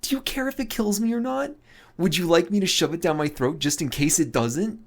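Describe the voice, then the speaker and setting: A man's voice: fairly high pitch, very animated, normal speed, pitched above the performer's own voice. A man voicing Loxa, a prickly young man who answers with sarcastic, indignant outbursts. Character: sharp-tongued young male Loxa, prickly and defensive.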